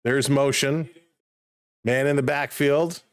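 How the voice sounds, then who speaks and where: A man casually calling football play-by-play on a live stream, chatting excitedly with viewers. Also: fairly high pitch, unhurried, no echo.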